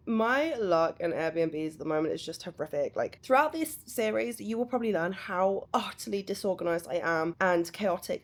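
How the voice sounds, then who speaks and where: A young woman chatting candidly to camera in a travel vlog, hoarse from a cold and self-mocking. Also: on the low side, lively intonation, normal speed, hardly any pauses. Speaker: travel vlogger. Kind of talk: casual vlog chat to camera.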